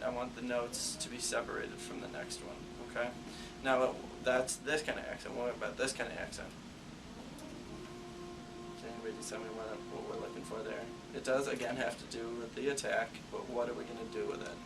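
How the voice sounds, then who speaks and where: A young male teacher runs a school band rehearsal, walking students through musical terms in an encouraging way. His voice has a gravelly edge. It is picked up from a distance, with clear room noise behind him. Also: medium pitch. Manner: encouraging, explains step by step. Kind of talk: classroom instruction.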